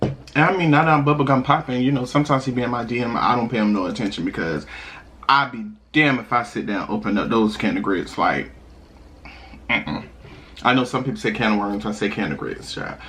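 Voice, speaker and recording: A young man vlogging while eating, telling a personal story in a chatty, animated way with sudden high laughs. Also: fairly quick, slight background noise. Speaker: mukbang vlogger.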